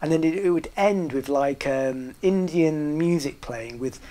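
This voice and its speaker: A man's voice: fairly high pitch, measured pace, mellow. Middle-aged man, northern English accent, loose rambling anecdote delivery, hesitant, laughs along with his own tale. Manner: rambling, hesitant, with many fillers and restarts. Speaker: storyteller. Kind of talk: casual anecdote telling.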